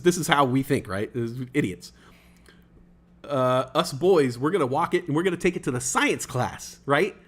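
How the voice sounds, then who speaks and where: A man's voice: on the high side, a bit bright. A young man casually telling a rambling story on a stream, full of fillers and acted-out quotes. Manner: rambling, many fillers, acts out other people's voices.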